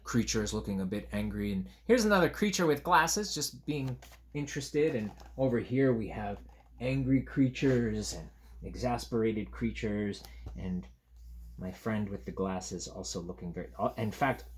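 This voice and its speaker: Male teacher, children's read-aloud; animated, swooping delivery, takes his time. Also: lowish voice, slight background noise. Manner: animated, gentle, talks to young listeners. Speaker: teacher reading a picture book aloud. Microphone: camera on a tripod.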